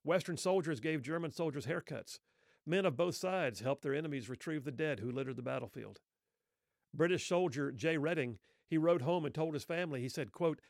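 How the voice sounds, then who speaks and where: A man's voice: fairly high pitch, a little fast, vocal fry, no room sound, clean studio sound. A man telling a historical story in an earnest, reflective way, with rhetorical questions.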